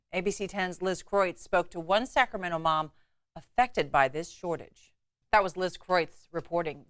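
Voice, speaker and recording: Woman news anchor, lowish voice, brisk with casual asides, dry studio sound. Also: a bit bright, dry recording. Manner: brisk, chatty asides between stories. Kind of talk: morning newscast reading.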